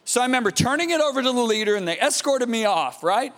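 A man preaching a sermon, telling a story dramatically and dropping to a hushed, awed tone. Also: extremely high pitch, lively intonation, fast talker, big-room sound. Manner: dramatic, swings from loud emphasis to hushed awe.

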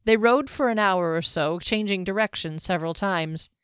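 A woman narrating an audiobook in a steady, even storytelling manner. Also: medium pitch, moderate pace, smooth, dry recording, clean studio sound.

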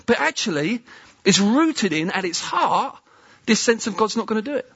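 A man's voice: sits high, big pitch swings, moderate pace, fairly bright tone, husky, dry recording, highs cut off. A man preaching a conversational sermon, often asking the listeners questions. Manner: chatty, asks the listeners questions.

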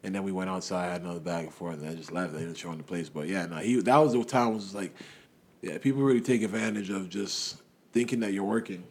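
A man with a fairly low voice talking in a relaxed, slangy way. He tells a story in casual chat and puts on voices for the people in it. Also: fast talker. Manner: laid-back, slangy, acts out quoted voices.

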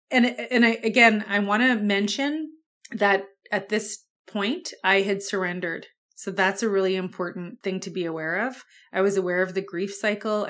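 A woman's voice: medium pitch, a bit bright. A young woman talks into her podcast mic as she tells her own story. She is candid and loose, drops in fillers and now and then a curse, and speaks in a middle-range voice. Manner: candid and conversational, with frequent swearing and fillers. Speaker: podcast host. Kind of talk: personal storytelling monologue.

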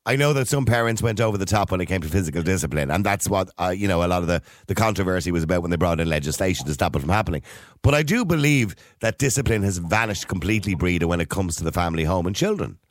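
A man's voice: low-pitched, animated, very fast, no room sound, clean studio sound. A middle-aged man hosting a casual radio chat, telling stories and laughing often. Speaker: radio host.

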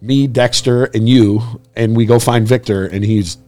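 A man's voice: mid-range voice, fairly even intonation, normal speed, warm tone, no echo. A man in casual conversation, reminiscing in a chatty way with frequent laughs.

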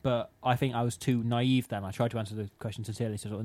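A man's voice: medium pitch, fairly even intonation, racing, darkish tone. Man telling a rambling story. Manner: rambling anecdotes with self-mocking asides. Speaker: podcast co-host. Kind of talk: casual chat, storytelling.

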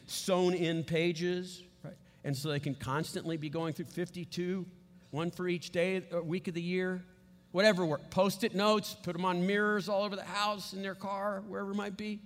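High-voiced man teaching in a reverberant hall. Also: fairly even intonation, normal speed. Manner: coaching, checks in with frequent "okay?". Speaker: Bible teacher. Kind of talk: church teaching session.

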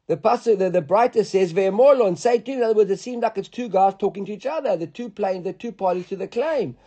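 Animated high-voiced man teaching Talmud. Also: quick pace, breathy edge. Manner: animated, stumbling restarts, mixes Hebrew and Aramaic terms. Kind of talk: daily Gemara class.

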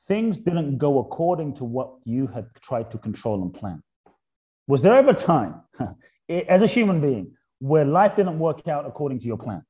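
Mellow-voiced man, lively reflective questioning. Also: fairly high pitch. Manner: poses repeated rhetorical questions; drops soft and slow on key points. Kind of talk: reflective spiritual conversation.

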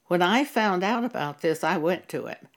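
A woman giving a Christian testimony in a measured, earnest way, often quoting scripture. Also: on the low side, lively intonation. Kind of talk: slow spoken testimony with scripture.

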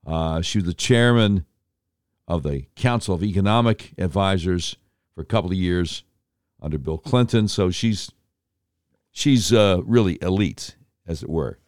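A man's voice: low voice, unhurried, darkish tone, no echo, clean studio sound. A man hosting an opinionated talk monologue, sarcastic and mocking as he comments on clips. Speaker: political commentary host.

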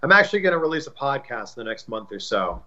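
A man's voice: mid-range voice, big pitch swings, fast talker, pushed and bright, dull audio. A man from Canada talking about his work as a guest in a casual interview, friendly and upbeat. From Canada, suburb of Toronto. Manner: upbeat, self-promoting, friendly. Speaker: broadcaster and YouTube interviewer, guest.

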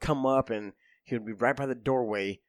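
A man's voice: mid-range voice, normal speed, no echo. Profane laughing ex-Marine man in a dry room. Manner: profane, laughing storyteller who acts out quotes. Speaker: podcast guest, former Marine. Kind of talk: casual storytelling chat.

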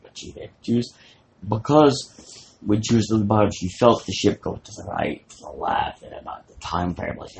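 A man's voice: lowish voice, expressive, moderate pace, vocal fry, darkish tone, slight background noise. A man in casual comedic chat, rambling and sarcastic as he retells a story, swearing freely.

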